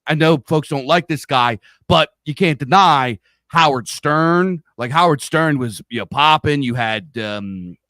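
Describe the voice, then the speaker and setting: A man's voice: a little high, expressive, unhurried, hardly any pauses, fairly bright tone, no echo. Rambling Pennsylvania-accented man, dry sound. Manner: rambling storyteller, swears freely. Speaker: podcast host. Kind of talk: casual chat. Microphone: studio mic on a live stream.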